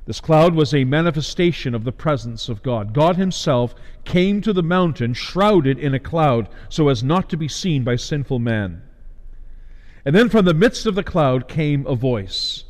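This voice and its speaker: A man delivering a sermon as a preacher, measured, with emphatic rises and slowed stresses. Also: a little high, lively intonation, darkish tone, big-room sound.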